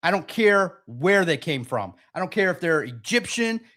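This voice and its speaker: A man hosting a live-stream sports talk show, reading chat and talking in an animated, sarcastic, rambling way. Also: sits high, moderate pace.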